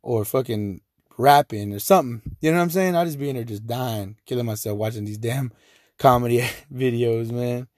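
Hosting his own podcast alone, a Texan-accented man with a medium pitch speaks at a moderate pace. He's loose and profane, telling animated stories with lots of laughter mixed in. No echo; studio quality.

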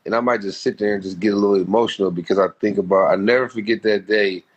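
Man, guest, low voice, heartfelt, rambling, slangy storytelling. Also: steady tone, fast talker, breathy edge, muffled recording. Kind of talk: casual storytelling.

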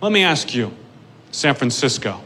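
A man doing a stand-up comedy set on stage, profane and building to shouted rants. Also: mid-range voice, very animated, moderate pace, slightly rough. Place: comedy club stage with a live audience.

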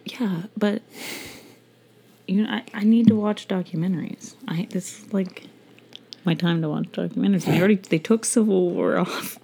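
A woman's voice: medium pitch, moderate pace, vocal fry, warm tone, breathy edge. A woman in her thirties co-hosting a casual home podcast, rambling and laughing at herself. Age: 30s. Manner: giggly, rambling, self-mocking. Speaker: podcast co-host. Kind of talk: casual chat.

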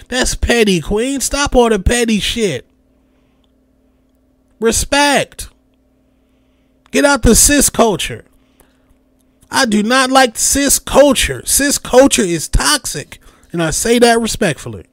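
Young guy going off on a podcast rant, kinda high voice, dry close sound. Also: slow, pauses often, dry recording. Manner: animated, repeats catchphrases, mimics voices. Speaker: podcast host.

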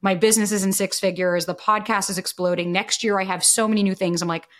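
A woman in her thirties speaks as a podcast guest, candid and blunt, with a mid-range voice. She tells stories in a lively, expressive way, cursing freely and slipping into the voices of people she quotes. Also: medium pitch, fast. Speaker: podcast guest, dating coach. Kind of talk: candid conversational storytelling.

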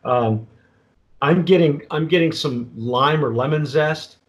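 A man with a fairly high-pitched voice talks his way through a tasting in a loose, unhurried chat. He stops and restarts his phrases again and again and fills the gaps with "um" and "uh". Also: lo-fi sound. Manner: rambling, halting, with many restarts and fillers. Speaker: tequila review host.

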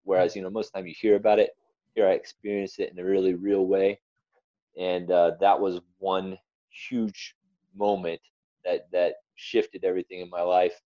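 A man's voice: low-pitched, level tone, normal speed, dark tone, dry recording, highs cut off. A young man giving an earnest, rambling personal testimony as an interview guest. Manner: earnest, rambling storyteller with restarts.

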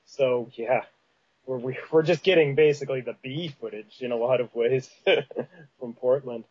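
A man's voice: medium pitch, steady tone, normal speed, slightly rough, dull audio. A man with a Canadian Prairies accent hosting a podcast in casual chat, rambling with many fillers and restarts. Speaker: podcast host.

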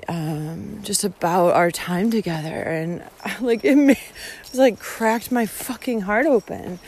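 A woman's voice: mid-range voice, a little mellow. A woman vlogger telling a personal story in a candid, emotional way, swearing freely and using lots of fillers as she walks outdoors. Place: outdoors, walking along a route.

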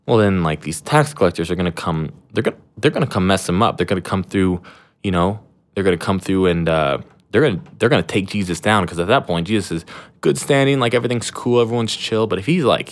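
A young man with a notably low voice chats casually as a podcast host. He rambles in a slangy, laid-back way, full of fillers and restarts. He keeps an irreverent, self-deprecating tone. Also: normal speed. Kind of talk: casual chat.

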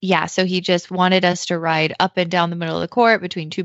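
Woman, 30s, low voice with vocal fry, casually and emotionally recounting a story with lots of fillers. Dry, lo-fi sound. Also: a little fast, dry recording. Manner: heavy use of fillers like "like" and "you know"; emotional, animated retelling. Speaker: mother telling a personal story. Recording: dull lo-fi dry recording.

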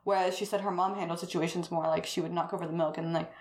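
A woman's voice: fairly low pitch, steady tone, fast talker. A woman chatting casually as a guest, rambling and saying "like" constantly, laughing often. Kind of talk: casual conversation. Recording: roomy echo.

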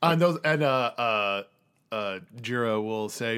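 A man narrating as game master of a tabletop game, lively and often laughing. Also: fairly low pitch, measured pace, smooth. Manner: lively, laughs often, slips into character voices.

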